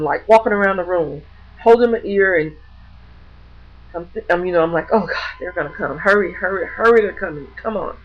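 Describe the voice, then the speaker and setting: With a mid-range voice and the highs cut off, a woman vlogger recounts a personal story on camera. Her casual, animated telling acts out what others said, with frequent restarts and repeated words.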